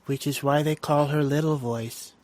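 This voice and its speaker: A man's voice: a little high, steady tone, moderate pace, a little mellow, no echo. A man co-hosting a casual film podcast, chiming in with wry, explanatory asides. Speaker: podcast co-host.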